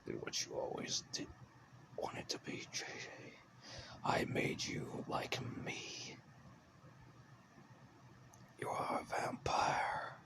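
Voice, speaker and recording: A man's voice: takes it slowly, long pauses, close to an everyday voice. A man voicing an ancient, cruel and seductive female vampire in a menacing whisper. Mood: taunting.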